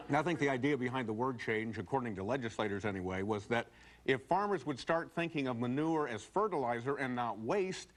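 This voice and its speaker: A man giving a comic editorial commentary in a mock-earnest manner, building to exaggerated outbursts. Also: mid-range voice. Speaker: commentator on a comedy news segment. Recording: noisy TV broadcast.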